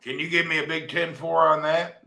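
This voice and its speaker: A man's voice: a little high, flat delivery, moderate pace, creaky, pushed and bright. A man hosting a casual livestream, joking in a folksy way and reading viewer comments aloud. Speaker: livestream host. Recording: echoey room.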